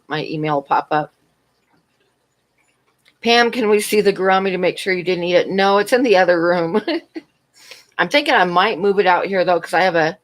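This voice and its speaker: A middle-aged woman with a fairly low voice hosts a casual livestream, drifting through a long personal story. She pauses between stories to greet viewers and answer chat questions, her talk loose and full of asides.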